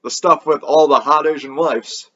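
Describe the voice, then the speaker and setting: A man's voice: on the high side, fairly even intonation, moderate pace, bright, forceful tone, muffled recording. A man hosting an anime review video, talking in a casual, offhand, rambling way with a sarcastic edge.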